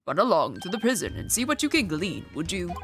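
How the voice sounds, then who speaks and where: A lofty, airy gentleman detective, as a woman puts him on, who drawls in a lowered, hushed, dismissive tone. His pitch still wanders widely, with game music underneath. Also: huge pitch swings, fairly quick. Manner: languid, airy, condescending. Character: aloof, posh male British detective.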